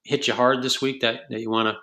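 A man's voice: mid-range voice, little pitch movement, fast talker, gravelly, sharp tone. A man hosting a podcast, talking in a thoughtful, questioning way in a casual chat. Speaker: podcast host.

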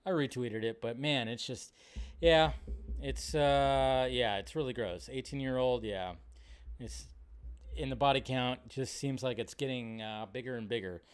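A man hosting a live stream in casual commentary, animated, swearing freely and mocking others in exaggerated voices. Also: medium pitch, a little slow, clean tone. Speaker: show host.

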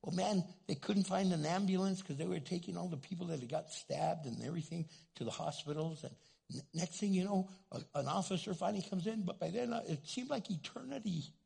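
A man's voice: high-pitched, a little fast, creaky, darkish tone, slightly rough. A man preaching a sermon, telling stories with animation and acting out the people in them. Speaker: pastor.

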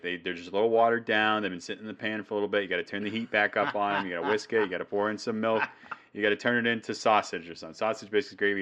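Male sports co-host, lowish voice, loose and jokey, riffs off topic. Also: a bit bright, muffled recording. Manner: jokey, rambling, quick to riff. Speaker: co-host of a fantasy football show. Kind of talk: casual sports chat.

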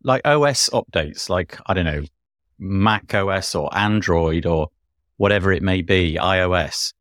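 An enthusiastic man hosts a casual tech news podcast, his voice sitting fairly low. He rambles eagerly from item to item. The sound is dry and close. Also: measured pace, fairly bright tone, dry recording. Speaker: podcast host.

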